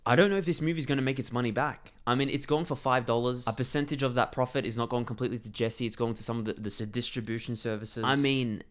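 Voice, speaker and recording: Brief: male vlogger, quick-fire delivery, loose conversational movie review with many false starts. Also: medium pitch. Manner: fast, rambling, with frequent restarts. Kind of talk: casual spoken movie review.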